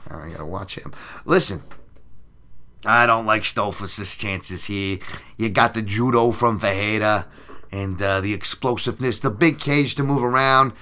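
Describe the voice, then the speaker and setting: A man's voice: lowish voice, moderate pace, sharp tone. A man hosting a betting show, giving sarcastic, profane commentary on upcoming fights. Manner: crude, profane, sarcastic banter. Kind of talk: sports betting podcast commentary.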